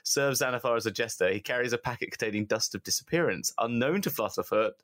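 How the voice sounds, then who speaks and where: A man's voice: medium pitch, animated, fast, a bit bright. A man co-hosting a podcast, chatting casually and rambling with many fillers. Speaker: podcast co-host. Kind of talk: casual chat.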